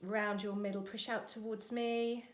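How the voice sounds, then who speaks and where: A woman vocal coach leading an online singing lesson, giving breathing and warm-up instructions in a chatty, encouraging way. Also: medium pitch, little pitch movement, unhurried. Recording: echoey room with faint music.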